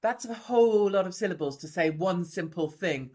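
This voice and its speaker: A woman's voice: lowish voice, lively intonation, darkish tone, breathy edge. A woman reporter giving grave, emphatic scripted documentary narration. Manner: grave, emphatic, measured delivery.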